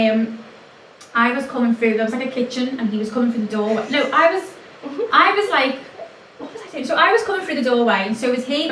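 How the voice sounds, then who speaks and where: Animated high-voiced young woman, echoey room. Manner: animated, laughs often, lots of fillers. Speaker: podcast co-host. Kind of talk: casual chat, storytelling. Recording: echoey room, far from mic, faint noise.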